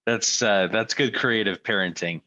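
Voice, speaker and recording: A male podcast host with a low voice and a bright, forceful edge. He asks his questions in a relaxed, encouraging way. The audio sounds dull and lo-fi. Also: normal speed. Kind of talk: casual interview.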